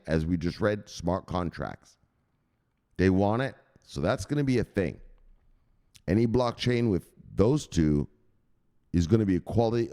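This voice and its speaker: A man hosting a crypto news show as a casual livestream, hyped and profane, shouting out viewers. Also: deep voice. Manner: talks straight to viewers, gives shout-outs. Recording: echoey room with long reverb.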